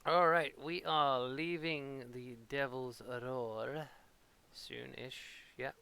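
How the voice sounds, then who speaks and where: A man's voice: mid-range voice, steady tone, extremely slow, vocal fry, bright, forceful tone, smooth. A man from Portsmouth with a local English accent, rambling playfully and mocking himself as he streams a game at home. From Portsmouth, England. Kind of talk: casual live-stream commentary.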